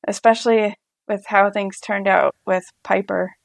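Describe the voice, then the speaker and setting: A woman's voice: medium pitch, flat delivery, measured pace, creaky, no room sound. Chatty woman on a dry podcast mic. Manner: chatty, frank, many filler likes. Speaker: podcast co-host. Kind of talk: casual chat.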